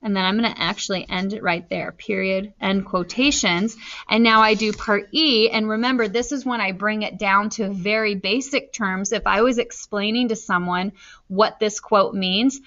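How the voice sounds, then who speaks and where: A woman teacher talking slowly and deliberately through a recorded reading lesson, spelling out her answers as she writes them. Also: mid-range voice, fairly even intonation, a bit bright. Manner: slow, deliberate, spelling out answers while writing. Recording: slightly dull lo-fi recording.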